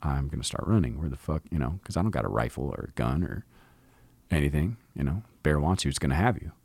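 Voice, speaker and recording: A man's voice: extremely low pitch, expressive, fast talker, gravelly, a little mellow, breathy edge, no room sound. A middle-aged man hosting his own show, telling a rambling story in a laid-back, profane way and acting out the quotes. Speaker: podcast host. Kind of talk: casual storytelling monologue.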